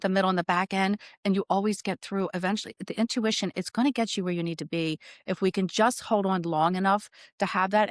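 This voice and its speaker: A woman's voice: mid-range voice, dry recording, clean studio sound. A woman co-hosting a spiritual podcast, telling a personal story in earnest, casual chat and often checking in with "right?". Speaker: podcast co-host and spiritual medium.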